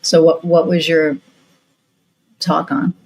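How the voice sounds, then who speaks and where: A woman hosting a podcast, telling a story in a casual, animated way and swearing freely. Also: low-pitched, slow, slightly rough, low-quality recording. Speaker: podcast host.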